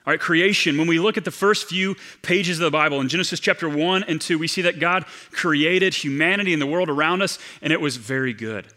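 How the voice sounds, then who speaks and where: A male pastor is in the middle of a sermon, his delivery fairly high, bright and forceful. He's earnest and slows down to stress the key phrases.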